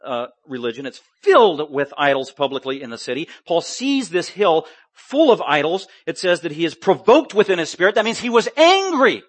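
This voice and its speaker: A man preaching with fervor, his voice riding high and swinging widely as he hammers home each point. The sound is close and dry. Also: very animated, normal speed, dry recording. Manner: emphatic and impassioned, with heavy stress. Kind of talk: expository sermon.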